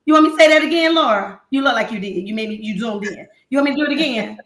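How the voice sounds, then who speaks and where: A woman host with a high, bright voice gives straight, playful business talk, full of slang and repeats. Her voice rings in an echoey room. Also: rapid-fire. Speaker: accountant hosting a business talk show. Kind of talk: lively casual talk.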